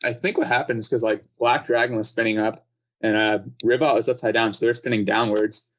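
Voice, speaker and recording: A man who builds combat robots, chatting as a podcast regular, relaxed and using "like" a lot. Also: medium pitch, fairly quick. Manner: relaxed, fills with "like". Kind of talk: casual chat.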